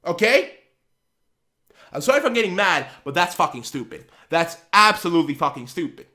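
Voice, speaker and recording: A man's voice: high voice, big pitch swings, a little fast, sharp tone. Fired-up swearing young-sounding man. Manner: heated, profane, repeats himself. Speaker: channel host. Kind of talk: angry vlog rant.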